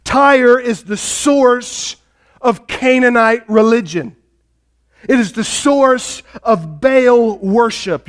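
A male pastor preaches a sermon, dramatically retelling a story and addressing the congregation directly. His voice is very high-pitched.

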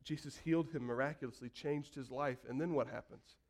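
A man preaching a sermon, telling the story vividly and acting out voices, building from quiet to loud calls. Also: mid-range voice, a little fast. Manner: storytelling preacher, acts out quotes and builds to shouts. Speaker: pastor.

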